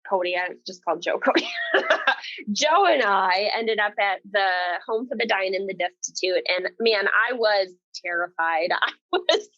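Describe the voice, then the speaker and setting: A woman in her twenties, a podcast guest, telling a personal story in an earnest, animated way and laughing often. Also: mid-range voice, moderate pace, no room sound, lo-fi sound. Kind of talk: casual conversational interview.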